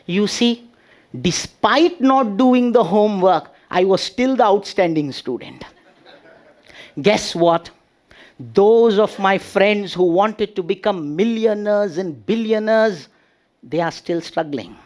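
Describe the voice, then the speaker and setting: A man giving a humorous motivational speech with drawn-out delivery and pauses before punchlines. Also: high-pitched, expressive, a little mellow. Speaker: speech contest speaker.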